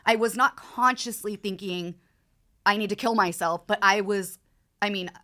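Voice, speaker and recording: A woman in her thirties, a podcast guest, telling an emotional personal story in halting bursts, full of fillers and repeated words. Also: mid-range voice, bright, forceful tone.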